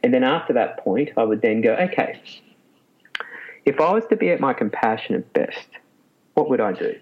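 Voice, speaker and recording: Man, husky and low, energetic guest explainer, muffled lo-fi recording. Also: moderate pace. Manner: animated, laughs often. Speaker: clinical psychologist guest. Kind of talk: casual interview talk. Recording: muffled lo-fi sound.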